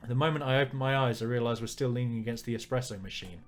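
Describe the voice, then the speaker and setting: A man's voice: medium pitch, quick pace, faint music behind. A man reading a visual novel aloud and commenting on it with dry jokes. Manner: wry, joking asides. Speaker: let's player.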